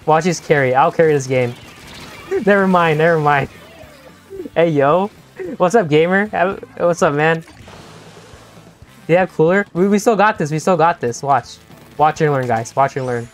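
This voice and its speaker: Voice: mid-range voice, moderate pace, long pauses, faint music behind. A young-adult game streamer chatting playfully with viewers during a live session, laughing often and teasing the chat.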